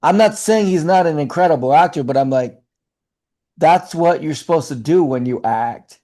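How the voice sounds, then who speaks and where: Middle-aged male actor and coach, casual interview talk, mellow low-key timbre, animated delivery. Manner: animated, talks fast with many fillers and restarts.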